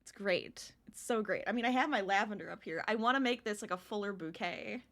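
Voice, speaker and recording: A woman's voice: mid-range voice, a little fast, fairly bright tone. A young adult woman chatting casually with her live-stream viewers while she crochets, laughing often as she talks.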